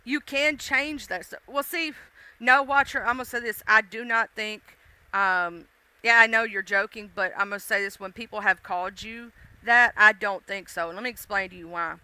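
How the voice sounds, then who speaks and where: A woman's voice: mid-range voice, normal speed, bright, forceful tone, smooth, no echo. A woman hosting a casual livestream, chatting playfully with viewers with lots of fillers and laughs. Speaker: livestream host.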